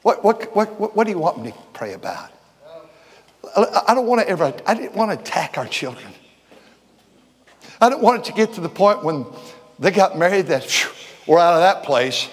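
An older man preaching a folksy sermon, repeating words and swinging from shouts to quiet talk. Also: sits high, sing-song, normal speed, long pauses, husky. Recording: long hall reverb.

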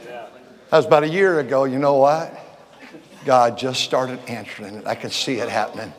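An older man preaching a folksy sermon, repeating words and swinging from shouts to quiet talk. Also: mid-range voice, steady tone, normal speed. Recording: long hall reverb.

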